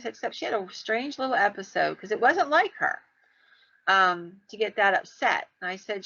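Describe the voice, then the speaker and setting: A woman's voice: mid-range voice, bright, forceful tone. A middle-aged woman telling a long, winding story on a podcast in a chatty way, acting out the lines she quotes. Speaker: podcast co-host telling ghost stories. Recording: dull, lo-fi podcast audio.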